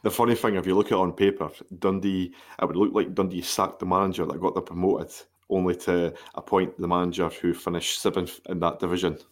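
A man's voice: low voice, level tone, fairly quick, hardly any pauses. A man with a Scottish accent co-hosting a football podcast, laid-back and dry. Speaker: podcast co-host. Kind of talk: casual football chat.

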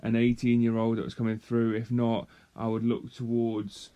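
Halting, thoughtful podcast co-host. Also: male voice, mid-range voice, completely flat delivery, warm tone, clean tone, highs cut off. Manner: thoughtful, halting, restarts a lot. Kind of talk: casual podcast chat.

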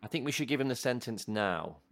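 A man's voice: mid-range voice, lively intonation, fairly quick. A man co-hosting in upbeat, chatty banter. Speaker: co-host. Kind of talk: casual banter.

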